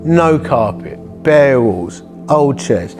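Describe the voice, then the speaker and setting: A man's voice: mid-range voice, very animated, slow, over music. A man, a church-planting vicar, telling a personal story in a conversational, vivid way and acting out the voices. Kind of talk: storytelling testimony.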